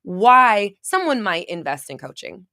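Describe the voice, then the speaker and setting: A young woman who works as a manifestation coach, chatting casually on a livestream and reading viewer comments, candid and quick to laugh and swear. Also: medium pitch, sing-song, sharp tone, no room sound, studio quality. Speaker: manifestation coach and online creator.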